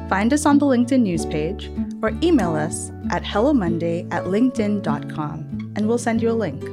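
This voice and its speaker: A woman speaks as a podcast host over a clear guitar music bed. Her voice sits at a middle pitch. She talks candidly and laughs easily. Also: lively intonation, moderate pace. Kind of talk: scripted podcast narration and casual chat.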